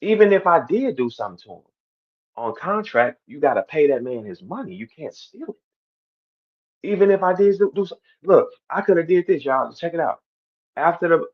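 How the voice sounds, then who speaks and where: A man speaking to his stream audience in a heated, animated monologue, repeating himself and swinging between loud outbursts and quiet asides. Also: a little high, highs cut off. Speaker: battle rapper on a stream.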